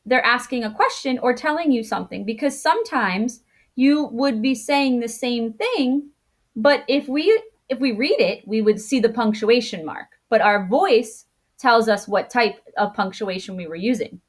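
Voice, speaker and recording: A woman teacher explains grammar to children in a slightly high voice. She goes patiently step by step and thinks aloud as she works. She puts on exaggerated rises in pitch to show how the voice changes. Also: animated, moderate pace. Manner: acts out intonation with exaggerated pitch jumps; self-correcting, thinks aloud. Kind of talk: online grammar lesson for children.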